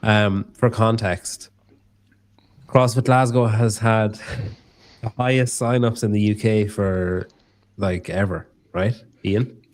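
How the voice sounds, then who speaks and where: A man's voice: lowish voice, fairly even intonation, takes it slowly, darkish tone. A man hosting a casual podcast, joking and rambling, swearing freely. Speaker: podcast host.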